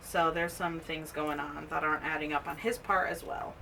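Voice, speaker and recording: A woman co-hosting a podcast, recapping a horror movie in casual chat, animated and quick to laugh. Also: low-pitched, creaky, distant mic, slight background noise, low-quality recording. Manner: animated, laughs often, acts out quotes in a raised voice. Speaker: podcast co-host.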